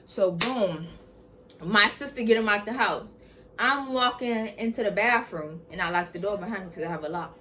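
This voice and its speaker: A young woman vlogger telling a heated storytime, talking in an animated, emphatic and slangy way. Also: mid-range voice, moderate pace. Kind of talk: storytime vlog.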